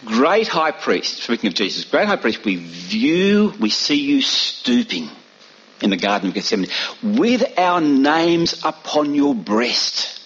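Preacher, male, husky voice with lively pitch, dull lo-fi recording. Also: takes it slowly. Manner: emphatic, rhetorical questions, dramatic pitch swings. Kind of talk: sermon.

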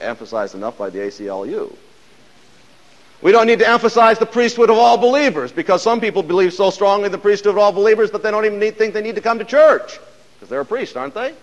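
Male lecturer, fairly high voice, emphatic and measured, long hall reverb. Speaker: church history lecturer.

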